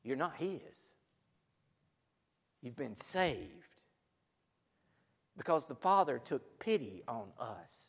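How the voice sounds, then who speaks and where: A man preaching a sermon, swinging from loud proclamation to hushed near-whispers, recorded in a church sanctuary. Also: mid-range voice, very animated, takes it slowly, vocal fry, pauses often, husky. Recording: long hall reverb.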